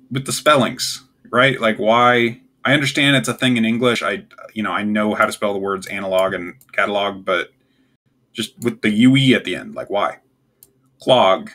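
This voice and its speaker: A man's voice: lowish voice, bright, forceful tone. A young man hosting a casual solo video, ranking words with offhand, puzzled and wry asides. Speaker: tier list video host.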